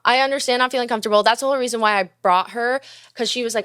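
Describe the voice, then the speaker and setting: A woman's voice: on the high side, rapid-fire, no room sound, clean studio sound. A young woman hosting a podcast, telling a story casually, swearing often and acting out what people said. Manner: profane, animated, acts out quoted dialogue. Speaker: podcast host and musician.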